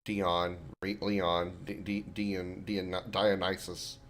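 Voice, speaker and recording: Low-voiced man rambling through gameplay. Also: level tone, slow, a bit bright, slight background noise. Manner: rambling, joking, many fillers and restarts. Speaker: streamer playing a video game. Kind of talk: casual gameplay commentary. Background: faint game music.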